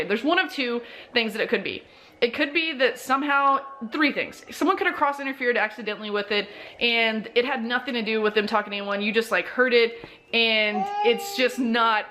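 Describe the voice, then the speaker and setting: A woman's voice: sits high, sharp tone. A young woman chatting casually in a rambling vlog from her bedroom, talking as a mom with lots of fillers. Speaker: mom vlogger. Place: bedroom, lying in bed.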